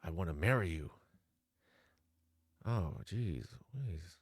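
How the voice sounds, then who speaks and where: A man's voice: low-pitched, expressive, slow pace, husky, no echo, clean studio sound. A man giving casual reaction commentary, reading messages aloud in a sarcastic, mocking, exasperated way.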